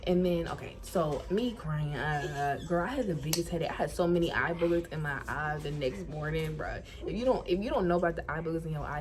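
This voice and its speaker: Low-voiced young woman telling a story. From Florida, US. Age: young adult. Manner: animated, colloquial, acts out quotes. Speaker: incoming college student. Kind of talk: casual storytime. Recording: music playing behind voice.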